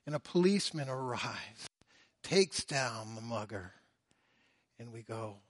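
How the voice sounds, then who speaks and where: A man preaching a sermon, swinging between loud, drawn-out emphasis and hushed, low phrases. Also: animated, dry recording, studio quality. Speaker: pastor.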